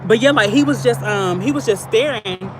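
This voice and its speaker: A trans woman who lives in her car, chatting in slangy storytelling on a phone livestream while she walks outdoors in a field near a highway. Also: normal speed. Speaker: vlogger living in a car. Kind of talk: casual livestream chat. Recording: loud outdoor traffic noise. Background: highway traffic.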